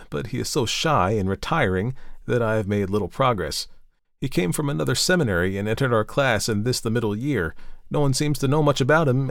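A man's voice: medium pitch, dry recording, studio quality, close to an everyday voice. A man voicing a cheerful young man who talks in a hearty, coaxing and teasing way.

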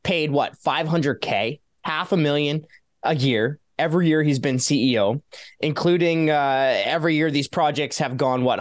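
A man hosting a conversational podcast in a casual way, laughing often and jumping in with questions. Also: fairly high pitch. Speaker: host.

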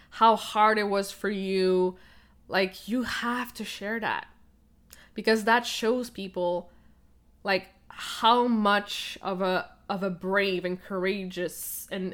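An earnest young woman talks straight to her listeners, telling a personal story of her own. She leans on "like" and "right?" and often breaks into laughter. Her voice sits at an ordinary middle pitch. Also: fairly bright tone. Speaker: podcast host.

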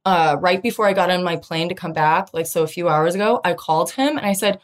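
A woman's voice: lowish voice, a little fast. A woman in her thirties hosting a podcast and telling a personal dating story in a chatty way, often acting out other people's lines in a raised voice. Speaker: podcast host. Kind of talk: casual storytelling monologue.

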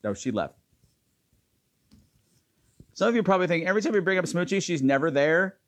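A man's voice: high voice, rapid-fire. A man hosting a casual live stream in a campy, teasing way. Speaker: host.

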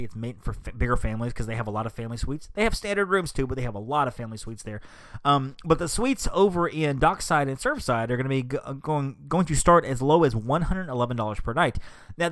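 Man, podcast host, casual chat, upbeat, dry close sound, mid pitch. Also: fairly bright tone, no echo. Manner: chatty, upbeat, thinks aloud. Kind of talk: casual solo podcast talk.

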